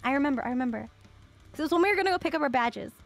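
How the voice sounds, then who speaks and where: A young woman streamer casually telling a story, chatty and animated, with lots of filler words and frequent laughs. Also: high-pitched, racing.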